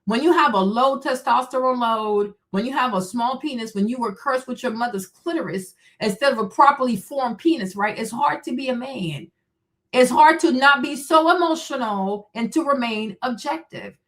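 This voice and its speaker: A woman's voice: on the high side, normal speed, a bit bright. A woman hosting a live stream, answering chat in a confrontational, mocking rant full of profanity and rhetorical questions. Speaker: streamer host.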